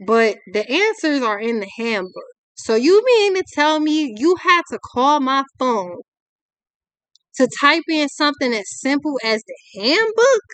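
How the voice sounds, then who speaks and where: A woman's voice: sits high, sing-song, measured pace, fairly bright tone, no room sound. A young adult woman, giving a ranting tarot reading in a blunt, exasperated, profane way. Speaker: tarot reader.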